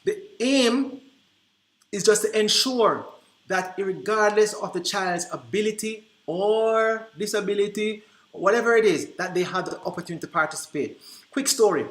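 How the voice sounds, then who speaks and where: A man presenting to early childhood teachers, telling classroom stories in an animated way and acting out the dialogue. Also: sits high, moderate pace. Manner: animated, acts out quoted dialogue. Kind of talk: storytelling presentation. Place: conference room. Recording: roomy echo.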